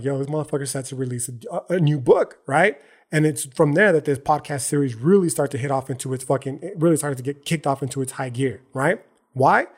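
Podcast host, man with a slightly high voice, casual and profane, punchy slang, keeps checking in with "right?". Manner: frequent "right?" and "okay?" tags. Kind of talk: casual solo podcast monologue.

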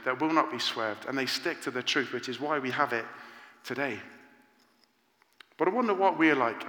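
Man preaching in an echoey hall. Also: medium pitch. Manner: earnest, animated preaching with rhetorical questions. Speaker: pastor. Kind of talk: sermon. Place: church. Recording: echoey church hall with long reverb.

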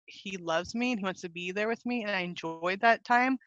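A woman guest speaking earnestly and warmly about her faith in a casual podcast chat, often saying "like". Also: mid-range voice, brisk, no room sound, lo-fi sound. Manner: earnest, heartfelt, says "like" often. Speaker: guest author.

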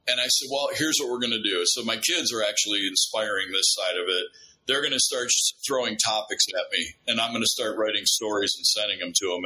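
Fairly low-pitched and captured on a rough recording, a middle-aged man chats casually as a guest. He tells stories with animated energy, acting out the dialogue and repeatedly restarting.

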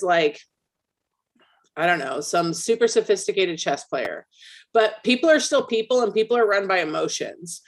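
Emphatic opinionated woman podcaster. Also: medium pitch. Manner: emphatic, opinionated, explains at length. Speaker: podcast co-host; military veteran. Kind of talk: casual political chat.

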